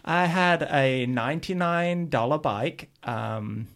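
A middle-aged man from England, a guest telling stories in a casual, animated way and acting out what people said. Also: on the high side, takes it slowly. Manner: animated, acts out quotes in his stories. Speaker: guest, pro BMX rider. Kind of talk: casual storytelling.

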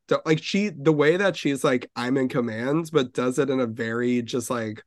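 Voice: medium pitch, moderate pace, few pauses, dry recording. Enthusiastic podcast co-host, dry close sound. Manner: enthusiastic, acts out characters' lines. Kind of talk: casual podcast chat.

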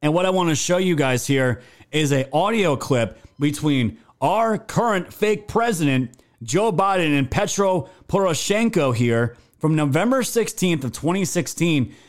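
A man with a slightly high voice hosts a live stream, hammering his points with indignant emphasis and the occasional curse. He shifts between fired-up commentary and quick shout-outs to viewers in the chat. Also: expressive. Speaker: political talk show host.

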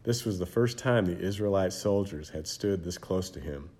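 A man narrates a children's Bible story in a measured, dramatic way. His voice is low and mellow, with a warm, rounded tone. The reading is scripted and unhurried.

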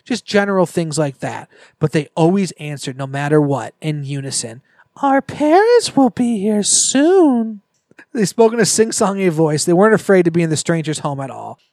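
A man's voice: on the high side, animated, fairly quick, hardly any pauses, a little mellow, dry recording. A man on a podcast reading a scary story aloud and breaking off for joking asides. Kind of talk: casual storytelling read-aloud with banter.

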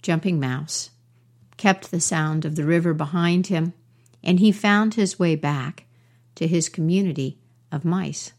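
Woman, storyteller, folk tale, unhurried, lowish voice. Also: darkish tone.

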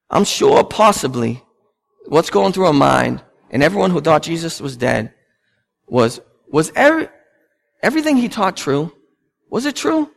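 A man in his thirties, a pastor preaching a sermon and telling family stories with lively acted-out dialogue. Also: on the high side, gravelly. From United States. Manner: storytelling, animated, acts out family scenes.

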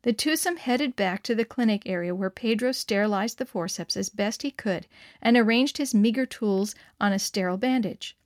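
A woman narrating a story aloud in a steady, expressive reading voice. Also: medium pitch, moderate pace, no room sound, studio quality.

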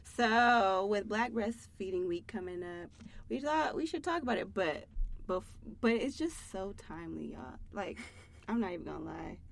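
A woman co-hosting a casual motherhood podcast, animated and playful. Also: mid-range voice, moderate pace, vocal fry. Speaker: podcast co-host. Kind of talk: casual chat.

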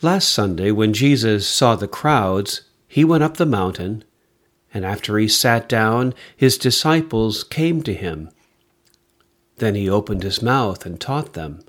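A man reading scripture and preaching a sermon in a measured, expressive way. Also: fairly low pitch. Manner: slow, measured and expressive delivery.

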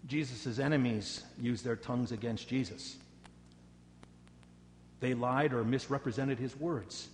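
A male pastor preaching a sermon, telling stories dramatically and dropping to a soft voice for prayer. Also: medium pitch, unhurried, pauses often, big-room sound, a little hiss or hum. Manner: dramatic storytelling, rising loud for quoted taunts, dropping soft for prayer.

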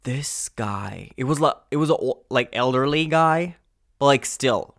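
A male podcast host ranting angrily and profanely in a casual monologue, full of fillers and sudden loud outbursts. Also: mid-range voice, a little slow, no room sound, studio quality. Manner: angry, exasperated, profane.

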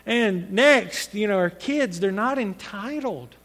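A man's voice: sits high, lively intonation, takes it slowly, a bit bright, big-room sound. A man preaching a sermon, speaking in an earnest, conversational storytelling way with frequent restarts.

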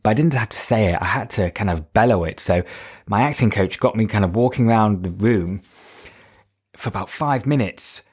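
A man's voice: lowish voice, moderate pace, a little mellow, breathy edge. A man with a northern English accent, a coach hosting his podcast in a casual, chatty monologue full of fillers and self-deprecating asides. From Northern England.

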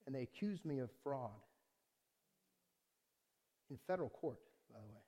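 A middle-aged man preaching as a pastor, telling a personal story in a conversational style that swings from quiet asides to loud, heated outbursts. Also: mid-range voice, animated, normal speed. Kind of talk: sermon with personal testimony.

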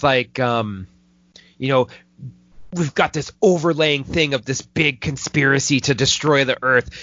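Male podcast host, casual and irreverent, does quick parody voices. Dry, muffled lo-fi sound. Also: fairly high pitch, fairly bright tone, no room sound. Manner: loose and profane, drops quick mocking impressions into his retelling. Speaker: podcast host reviewing a movie. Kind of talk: casual chat. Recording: dull, dry lo-fi podcast audio.

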